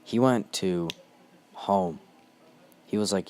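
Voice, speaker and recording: A man's voice: low voice, normal speed, a little mellow. A young man hosting a ranting monologue, heated and blunt, swearing constantly.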